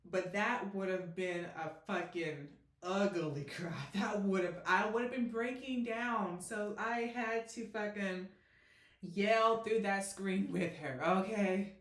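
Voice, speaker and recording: A young woman hosting a movie reaction channel, exclaiming loudly and cursing freely as she reacts. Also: medium pitch, takes it slowly. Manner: loud, exclaiming, heavy cursing. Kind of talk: emotional movie reaction commentary. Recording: roomy echoey room.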